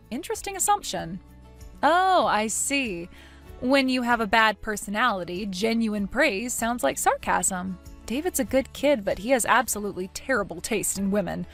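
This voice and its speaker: A woman's voice: a little high, lively intonation, normal speed, fairly bright tone, soft background music. Cool, sarcastic woman narrating a story. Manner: cool, dry, sarcastic, composed. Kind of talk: scripted first-person story narration.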